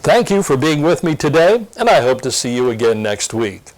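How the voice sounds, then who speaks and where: A man presenting a scripted Sunday school lesson preview in an earnest, expressive teaching tone. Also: medium pitch, moderate pace, low-quality recording. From Pennsylvania.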